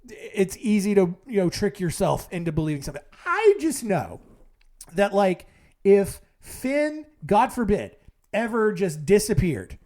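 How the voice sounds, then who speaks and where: A man hosting a podcast casually, his voice moving lively up and down as he recaps. He rambles with wry asides and plenty of fillers. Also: high-pitched. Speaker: podcast host.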